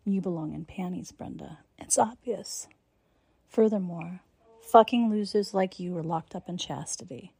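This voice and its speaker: A woman performing a scripted dominant role-play monologue in a commanding, taunting manner, often dropping into breathy whispers. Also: lowish voice, lively intonation, a little slow, dark tone, no echo. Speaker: narrator.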